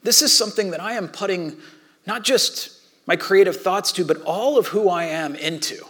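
A man preaching a sermon in a conversational way, swinging between loud and hushed. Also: high-pitched, normal speed, husky. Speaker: pastor.

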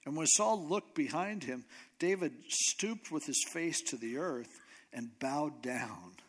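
A man preaching a sermon, retelling a scripture story in a relaxed, conversational and animated way. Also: fairly high pitch, slow pace. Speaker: pastor.

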